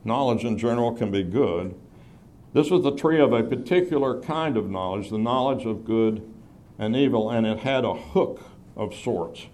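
A man teaching a Bible class, explaining scripture in a measured way and stressing key phrases. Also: mid-range voice, a little mellow.

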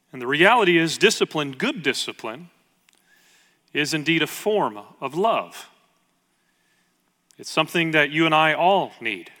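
A man in his thirties, a pastor telling a family story in a conversational sermon with emphatic pauses. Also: a little high, pushed and bright. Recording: long reverb of a church hall.

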